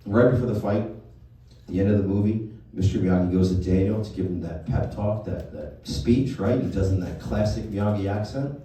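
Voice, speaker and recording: A man performing a profane, animated stand-up comedy set on a club stage. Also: lowish voice, normal speed, very echoey, far from the mic, poor audio. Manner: profane, animated storytelling to a live crowd.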